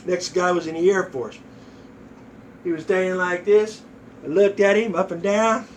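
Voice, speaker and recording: A man's voice: high-pitched, moderate pace, distant mic, low-quality recording. A man in his sixties telling crude, profane jokes in a folksy storytelling way, acting out voices.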